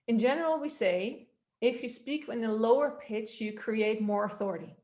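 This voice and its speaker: A woman's voice: a little high, normal speed. Conversational woman coaching voice technique. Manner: explanatory, demonstrates voice techniques aloud; loose and conversational, with fillers. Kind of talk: workshop instruction.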